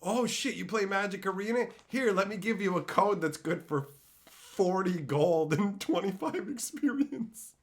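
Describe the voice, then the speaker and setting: A man voicing a mocking fast-food clerk in a high, sing-song, sneering tone. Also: animated.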